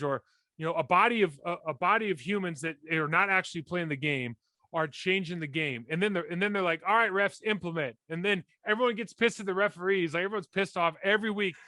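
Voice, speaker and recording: A man in his forties talks casually about football as a podcast co-host. He tells stories in a blunt, rambling, animated way. His voice sits high and sounds bright and forceful, recorded dry with no room echo. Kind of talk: casual sports chat.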